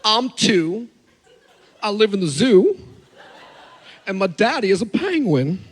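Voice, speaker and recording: A man's voice: sits high, sing-song, slow pace, a little hiss or hum, exaggerated voice. A man doing a sing-song three-year-old boy. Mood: singsong.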